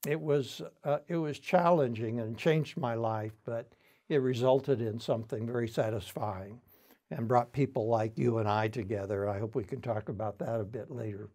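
Older guy reminiscing in an oral history chat, warm mellow voice, lots of uhs. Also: mid-range voice, moderate pace. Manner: reflective storytelling with frequent fillers. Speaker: interviewee, founding center director.

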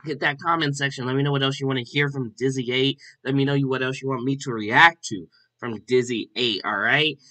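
A man hosts a casual music reaction in a bright, forward voice. He talks in an upbeat, loose way and keeps tossing in "like" and "all right?" between thoughts. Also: mid-range voice, fairly even intonation, brisk. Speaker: host.

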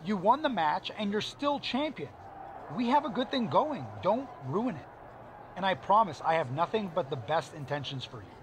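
A slick, scheming wrestling manager, talking in a high, lively voice that swoops up and down. He coaxes and reassures with a smooth, persuasive manner. A faint hum of game background noise sits behind him. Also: normal speed. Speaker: game character.

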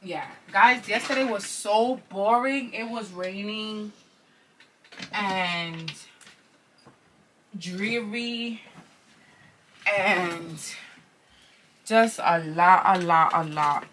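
Slow-talking chatty woman, bright tone. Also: medium pitch, a little hiss or hum. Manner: chatty, rambling, slangy, says bro; drops into whispers while doing chores. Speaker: stay-at-home mom vlogger. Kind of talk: casual vlog chat to camera. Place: at home.

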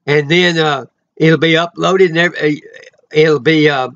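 A man giving an informal, rambling sermon he records himself, full of emotional asides and sudden loud exclamations. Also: a little high, steady tone, normal speed, muffled recording. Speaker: preacher.

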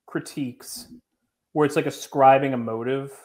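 A man's voice: medium pitch, fairly even intonation, moderate pace, darkish tone. A man answering as a guest journalist, earnest and defensive, with many fillers as he explains himself. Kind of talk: interview answers.

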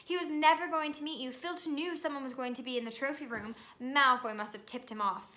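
A woman's voice: high voice, a little fast, pushed and bright. A woman voicing a clever, bossy schoolgirl who speaks urgently and sharply.

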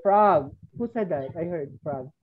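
A woman's voice: deep voice, expressive, a little slow, narrow, tinny audio. A woman teaching English to young children over a video call, patiently prompting and drilling their answers. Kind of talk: online class with young children. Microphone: computer mic on a video call.

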